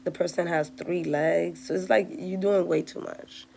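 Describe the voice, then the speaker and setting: A woman's voice: fairly low pitch, fairly even intonation, moderate pace, vocal fry, a little mellow, slight background noise. A woman giving a casual tarot reading, chatty and direct, talking straight to her viewers. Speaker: tarot reader.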